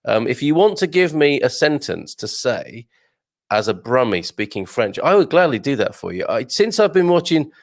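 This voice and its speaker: A man's voice: medium pitch, big pitch swings, normal speed, vocal fry. A man from Birmingham, England, hosting a casual news chat for expats and reading out viewer comments with wry, exclamatory asides. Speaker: host of an expat news show.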